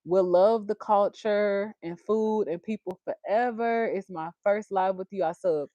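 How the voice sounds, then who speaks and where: A woman's voice: medium pitch, measured pace, few pauses, mellow, no room sound. A woman, chatting casually on a livestream, laughing often and reading viewer comments aloud. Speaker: livestream host.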